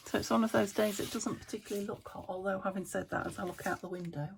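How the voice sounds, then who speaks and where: Uk woman muttering and whispering over her crafts at home, bit of fry in the voice, faint hiss. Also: medium pitch, fast, few pauses, darkish tone. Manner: chatty, talks to herself, often drops to a whisper. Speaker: craft vlogger. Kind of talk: casual chat while crafting. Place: home craft room by a window.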